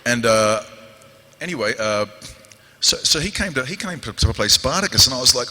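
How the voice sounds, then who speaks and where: A man's voice: medium pitch, a little fast. New Zealand man spinning stories in a hall. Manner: lively anecdotes with quoted voices and growls. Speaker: actor on a convention panel. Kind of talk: animated storytelling to an audience. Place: large convention hall. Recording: echoey convention hall with long reverb.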